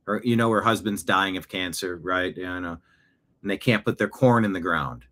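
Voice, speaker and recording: A male political show host with a bright, forceful voice that sits a little low in pitch. He talks in emphatic bursts, hammering phrases over and over as he drives his commentary home. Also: moderate pace. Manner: emphatic, repeats phrases, acts out quoted voices.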